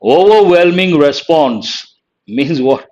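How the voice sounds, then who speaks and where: Male teacher, slightly high voice, very slow and deliberate, dull lo-fi stream audio. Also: expressive, a little mellow. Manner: slow, deliberate, reading out words one at a time. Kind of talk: live online vocabulary lesson.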